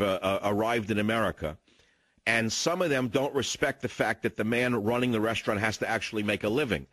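A man's voice: lowish voice, fairly bright tone, dry recording. An older man hosting a talk radio show, telling indignant stories in a ranting, opinionated monologue into a studio mic.

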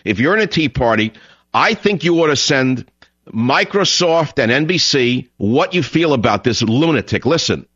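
A man hosting a talk radio show, ranting and mocking in a monologue that swings between shouting and muttering. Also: mid-range voice, expressive, moderate pace, husky, no echo. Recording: dull lo-fi radio broadcast.

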